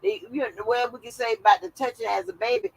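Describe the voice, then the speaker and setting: A woman's voice: fairly high pitch, lively intonation, fast, creaky, slightly rough, poor audio. A woman hosting a live stream, giving blunt, profane commentary and reacting as she reads posts aloud.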